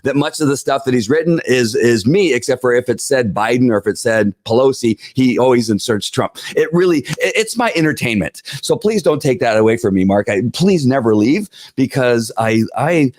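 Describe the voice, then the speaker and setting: A man hosting a livestream and talking to viewers in a rambling, casual way, with a gruff, rough voice and many repeated words. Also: mid-range voice, a little mellow, no echo, clean studio sound. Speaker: live-stream show host.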